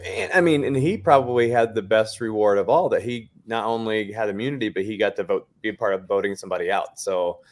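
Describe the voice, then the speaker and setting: A man with a lowish voice co-hosting in casual chat. He weighs points thoughtfully and poses questions. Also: quick pace, hardly any pauses. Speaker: podcast co-host.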